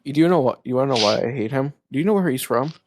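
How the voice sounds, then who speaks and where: A man's voice: mid-range voice, lively intonation, rapid-fire, noisy background. A man co-hosting and editing a casual podcast, rambling and cursing freely over a home mic on a voice call. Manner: profane, rambling, trails off and restarts. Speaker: podcast co-host and editor.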